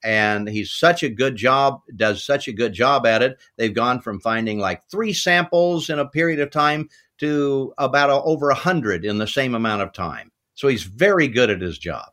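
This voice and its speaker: Relaxed middle-aged man telling stories. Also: medium pitch. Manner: relaxed, anecdotal, unhurried telling. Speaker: voice actor guest. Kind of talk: interview storytelling.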